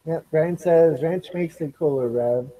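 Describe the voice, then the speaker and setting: A man's voice: on the high side, unhurried, warm tone. A man co-hosting a livestream, cheerfully reading viewer comments aloud. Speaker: co-host reading chat. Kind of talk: casual livestream chat.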